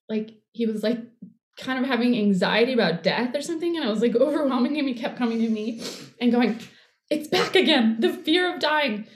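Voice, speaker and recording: Woman, middle-aged, casual chat, rambling filler-heavy talk, echoey room. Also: fairly high pitch. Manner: warm, rambling, many "like" fillers. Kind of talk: casual conversation.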